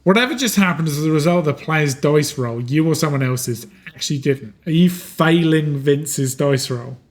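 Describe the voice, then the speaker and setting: A man narrating a tabletop role-playing game as game master, casual and quick to improvise. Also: a little high, expressive. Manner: dramatic monologues for dying characters.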